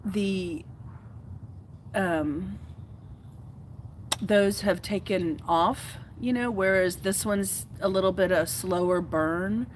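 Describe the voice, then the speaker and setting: An earnest woman speaks to camera as host of her own podcast. She takes her time, leaving long gaps, and her talk rambles warmly with plenty of ums. Her voice sits at an ordinary middle pitch. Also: slow pace, pauses often, slight background noise, low-quality recording. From Houston, Texas. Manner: earnest, heartfelt, rambling with many fillers. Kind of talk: casual solo talk to camera.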